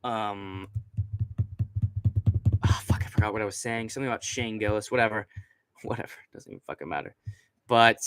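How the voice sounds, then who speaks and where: Hosting a casual late-night stream from his computer, a young man rambles and swears, dropping plenty of fillers into a desk mic right in front of him. His voice sits lowish at a moderate pace, broken by long pauses, over a noisy background.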